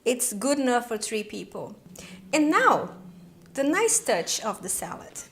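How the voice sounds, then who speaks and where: A woman hosting her own cooking video, chatty and excitable, demonstrating a recipe with frequent exclamations. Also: fairly high pitch, unhurried, slight background noise. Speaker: cooking channel host.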